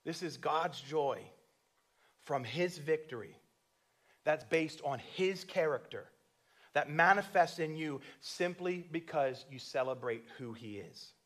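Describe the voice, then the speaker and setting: A man with a high, bright-pitched voice preaching a church sermon. He moves from quiet storytelling to loud, fervent calls and acts out prayers and scenes as he goes. Behind him is the sound of a church. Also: lively intonation, takes it slowly. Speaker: pastor.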